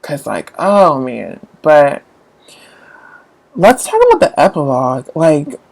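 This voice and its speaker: A woman with a low voice talks casually to her viewers as a book vlogger. She rambles and gushes, and her voice jumps up into high squeals when something excites her. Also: slow pace, creaky. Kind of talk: casual live-chat book talk.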